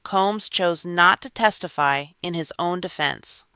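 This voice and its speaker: Narrator for a news recap: measured, even read, sharp smooth tone, no room sound. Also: mid-range voice, no echo. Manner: even, measured reading of court reports.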